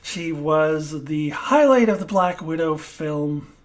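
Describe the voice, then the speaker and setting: A woman giving an unscripted TV review alone, halting often to search for words and laughing at herself. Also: low voice, expressive. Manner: self-deprecating, laughs at herself.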